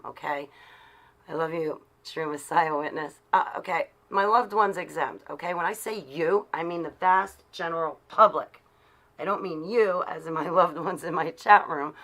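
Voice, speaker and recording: A woman's voice: sits low, vocal fry, a bit bright. A woman talking on her own livestream, preaching in an earnest, rambling way with many fillers. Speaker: livestreaming vlogger.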